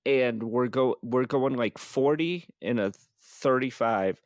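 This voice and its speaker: A man's voice: mid-range voice, slow pace, dry recording, studio quality. Rambling man telling a story. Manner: rambling, laughs often. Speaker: podcast host. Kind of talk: casual storytelling chat.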